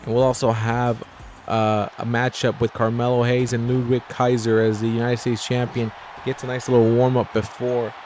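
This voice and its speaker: A man's voice: medium pitch, level tone, moderate pace, a little mellow, soft background music. A man giving casual, rambling commentary over a wrestling video game, with chatty, jokey asides. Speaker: gameplay commentator.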